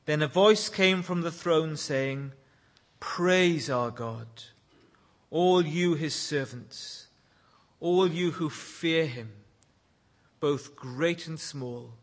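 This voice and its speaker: High-voiced preacher, slow and bright. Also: male voice. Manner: earnest, rising to loud exclaims when quoting praise; leads prayer in a hushed, low voice. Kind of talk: sermon.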